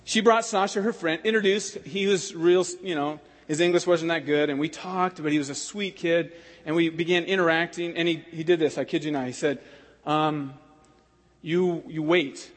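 A male pastor tells stories from the pulpit with lots of animation, acting out each character's lines. His voice sits fairly high for a man. The sound carries a long reverb from a large hall. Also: normal speed. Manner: animated, acts out voices and laughs while telling stories. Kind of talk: sermon storytelling.

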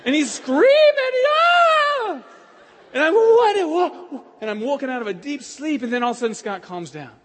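A man preaching, telling personal stories in an animated way and acting out the voices of the people in them. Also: very high-pitched, rapid-fire, few pauses, noisy background. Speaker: pastor. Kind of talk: sermon storytelling. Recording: long hall reverb.

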